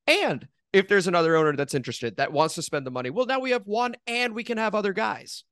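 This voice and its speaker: A blunt man co-hosting a sports podcast, his voice a touch high for a man. The mic is close and dry, with no room sound. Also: sing-song, fast talker, a bit bright, smooth, no echo. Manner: agreeable, blunt, occasional swearing. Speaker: podcast co-host. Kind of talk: casual sports talk.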